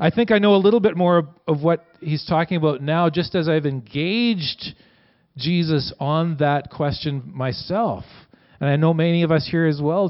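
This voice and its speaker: A man preaching in a relaxed, conversational way, his voice sitting a little high for a man. He acts out quoted lines with lift and energy. The recording sounds dull and lo-fi. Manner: conversational, animated quoting with rising voice. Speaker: pastor. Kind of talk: sermon.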